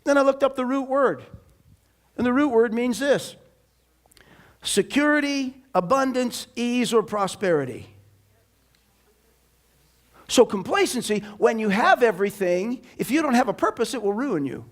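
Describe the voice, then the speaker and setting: Man, very high voice, pastor, sermon in church, emphatic preaching. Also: measured pace, long pauses. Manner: animated, emphatic preaching with sudden loud bursts.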